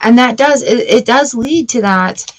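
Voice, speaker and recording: A woman's voice: fairly high pitch, measured pace. A woman giving a casual tarot reading, chatty and playful, with the odd swear word. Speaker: tarot reader.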